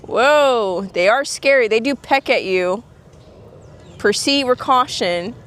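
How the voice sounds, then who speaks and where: A woman with a fairly high, bright voice and lively intonation speaks slowly while casually vlogging outdoors near a lake on a phone she holds as she walks. She laughs often, gushes over animals, and sounds out of breath from walking.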